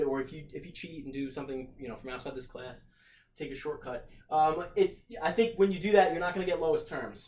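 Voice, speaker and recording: A man's voice: fairly high pitch, a little hiss or hum. A middle-aged man, a teacher, talking through a math problem for his class, thinking aloud with plenty of fillers and restarts. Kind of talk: recorded math lesson walkthrough.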